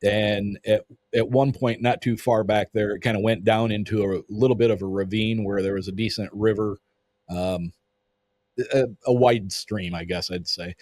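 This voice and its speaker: A man's voice: on the low side, steady tone, normal speed, darkish tone, no echo. A man telling a story in casual conversation as a podcast guest, vivid and swearing freely, acting out what people said.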